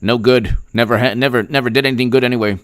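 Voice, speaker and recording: A man's voice: medium pitch, fairly even intonation, fast talker, no room sound, studio quality, lightly acted. A man doing an impression of a rambling, folksy elderly politician who repeats catchphrases and jumbles his words. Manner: mumbling, repetitive catchphrases, jumbled.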